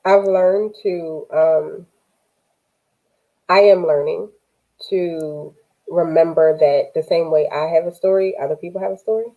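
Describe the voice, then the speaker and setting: Low-voiced woman on a tinny line. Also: fairly even intonation. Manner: measured, reflective, with fillers. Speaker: podcast co-host. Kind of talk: live discussion show.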